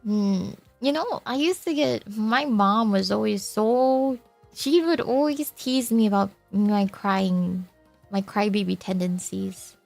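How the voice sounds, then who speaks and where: A young woman streamer talks to her viewers in a slow, gentle way, her voice gravelly with vocal fry. She laughs often and sounds teary as she chats. Faint music plays behind her. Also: medium pitch. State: crying. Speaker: VTuber streamer. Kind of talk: casual chat with viewers.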